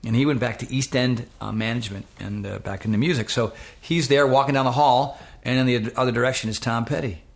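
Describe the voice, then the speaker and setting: A middle-aged man telling lively stories as an interview guest, acting out the voices of people he quotes. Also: medium pitch, fast talker, vocal fry, few pauses. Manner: animated anecdote-telling, acts out quoted voices. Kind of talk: casual storytelling.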